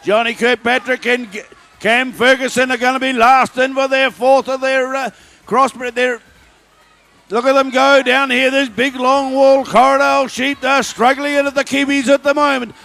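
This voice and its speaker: A man calls a shearing competition live, and his voice sits very high. He runs through the competitors quickly, in bursts of excitement. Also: vocal fry. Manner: fast excitable play-by-play calling. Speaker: shearing commentator. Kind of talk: live sports commentary.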